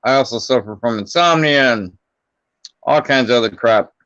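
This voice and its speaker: A man's voice: mid-range voice, normal speed, a bit bright, dry recording. Male co-host, coughing and congested, clipped delivery, dry muffled audio. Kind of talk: casual chat.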